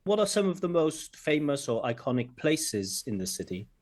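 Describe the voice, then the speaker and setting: A man giving feedback as a language-test examiner, explaining points in an animated way and humming out intonation patterns. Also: fairly high pitch, moderate pace. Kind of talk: commentary on a recorded test.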